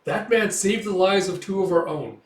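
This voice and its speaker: A man voicing an indignant townswoman who loudly scolds soldiers. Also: sits high, moderate pace, voice pushed up, natural voice. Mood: protective. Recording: echoey room.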